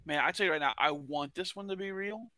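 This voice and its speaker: A man's voice: on the high side, fast, bright, forceful tone, dry recording, clean studio sound. A man from Arkansas with a Southern US accent co-hosting a podcast, bantering in a wry, teasing way. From Arkansas, USA. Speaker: podcast co-host. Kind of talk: casual podcast chat.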